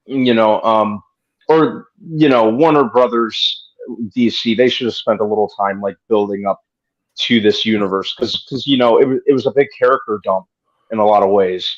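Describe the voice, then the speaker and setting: A man's voice: lowish voice, normal speed. A man co-hosting a casual live-stream chat, speaking hesitantly with many fillers. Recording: dull lo-fi stream audio.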